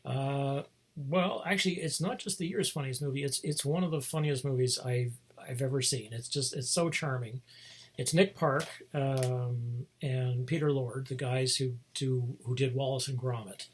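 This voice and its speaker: A vlog host rambles through a casual monologue with a very breathy, husky voice. The pitch sits mid-range, and the talk wanders with restarts and chuckles. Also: fairly even intonation, normal speed. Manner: meandering, many fillers and restarts, chuckles often.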